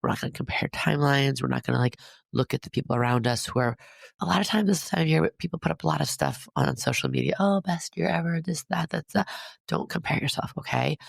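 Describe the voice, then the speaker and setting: A man's voice: medium pitch, lively intonation, quick pace, dry recording, studio quality. A man hosting an astrology podcast, talking through a weekly forecast in a chatty, upbeat, encouraging way full of fillers. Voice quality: gravelly vocal fry. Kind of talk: casual spoken forecast monologue.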